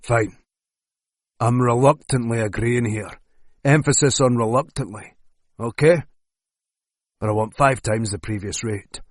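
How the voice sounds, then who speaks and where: A man's voice: medium pitch, unhurried, long pauses, no echo, natural voice. A man voicing a wary retired male hitman with a clipped, sardonic way of talking. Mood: bargaining. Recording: dry close studio sound.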